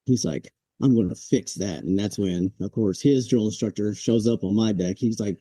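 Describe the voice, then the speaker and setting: Male vet guest, 40s, deep mellow tone, easygoing anecdotes, dry close mic. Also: normal speed, no room sound. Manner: laid-back, chuckles, acts out quoted drill instructors. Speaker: podcast guest, Marine veteran. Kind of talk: casual storytelling interview.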